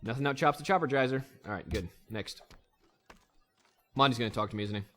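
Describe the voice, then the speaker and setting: A man's voice: mid-range voice, brisk, fairly bright tone, faint music behind. Jokey man rambling through gameplay commentary. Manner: jokey, rambling, talks to himself and the game; breaks into goofy voices and song snippets. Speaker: let's play host.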